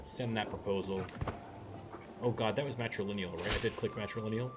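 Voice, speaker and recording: A man's voice: on the low side, steady tone, brisk. A man talking through a strategy game as he plays, thinking aloud in a chatty way with many restarts. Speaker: let's play streamer. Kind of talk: gameplay commentary. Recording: noise behind the voice.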